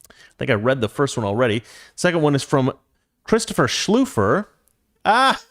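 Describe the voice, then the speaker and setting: A man's voice: medium pitch, quick pace, no echo, studio quality. A man in his forties hosting his own talk show, giving opinionated commentary in a conversational way and reading out viewer messages. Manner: opinionated, conversational, frequent restarts. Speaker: show host.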